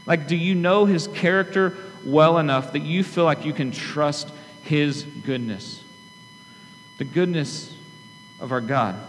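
A man's voice: fairly high pitch, unhurried, faint music behind. Man, pastor, earnest conversational sermon, talks straight to the congregation, long church echo. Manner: conversational, earnest preaching with frequent asides to the congregation. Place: church sanctuary. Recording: long hall reverb with faint hum.

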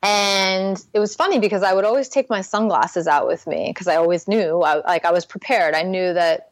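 A woman's voice: medium pitch, normal speed, no room sound. A young adult woman, a Christian life coach, earnestly telling her personal recovery story as a podcast guest, full of "like" fillers.

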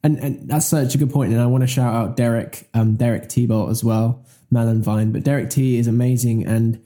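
A man's voice: mid-range voice, steady tone, moderate pace, dark tone. A man co-hosting a podcast in casual chat, enthusiastic and rambling, often correcting himself mid-sentence. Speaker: podcast co-host.

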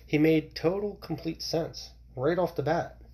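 A man's voice: on the high side, measured pace, a little mellow. A man hosting his own podcast, talking bluntly and rambling, with frequent swearing. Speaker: podcast host. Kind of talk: opinionated solo podcast rant.

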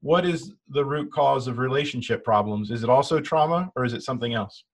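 Male interviewer, mid-range voice, measured questions. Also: mid-range voice. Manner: asks measured follow-up questions. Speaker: interview host.

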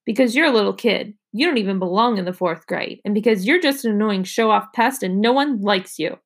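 A woman's voice: mid-range voice, a little fast, lightly acted. A woman reading aloud, voicing a stubborn fourth-grade boy with a sulky, scornful tone.

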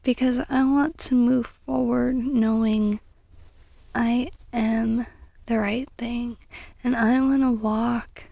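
Young woman host, fairly high, mellow tone, encouraging, with soft near-whispered asides. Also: creaky, no room sound. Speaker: podcast host. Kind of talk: casual self-help podcast monologue.

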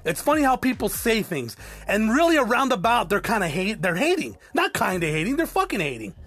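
A man's voice: high voice, wildly swooping pitch, a little fast, a bit bright, husky. A man hosting a podcast, ranting bluntly with constant swearing and stammered repeats. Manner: blunt, swearing often, repeats words when worked up. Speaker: podcast host. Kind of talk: profane ranting monologue.

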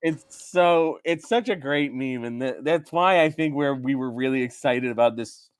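A man's voice: medium pitch, moderate pace, smooth, no echo. A man co-hosting a podcast, swearing and joking casually as he recaps a show with a friend. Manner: profane, joking, talks over partner. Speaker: podcast co-host.

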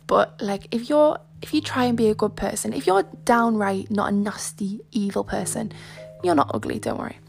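A woman's voice: mid-range voice, normal speed, creaky, few pauses. A young woman hosting a podcast, talking in a frank, rambling, casual way full of fillers and asides. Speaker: podcast host. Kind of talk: casual chat.

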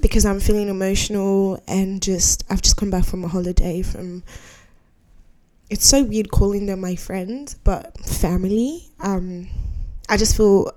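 A woman's voice: mid-range voice, steady tone, a little slow, dark tone. A young adult woman hosting a podcast in casual chat, candid and heartfelt, full of slang and "like"s. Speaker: podcast host.

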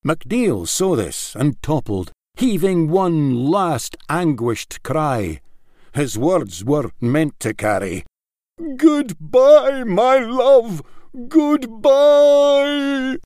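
Slow, lilting male storyteller. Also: mid-range voice, no room sound, studio quality. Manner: expressive, lilting verse reading. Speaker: narrator. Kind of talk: rhyming storybook narration.

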